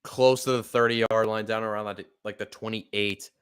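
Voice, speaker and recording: Smooth-voiced man calling plays live. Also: on the low side, moderate pace. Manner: swearing, apologetic and upset, bursts of excitement on plays. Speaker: play-by-play podcast host. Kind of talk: live fan play-by-play commentary.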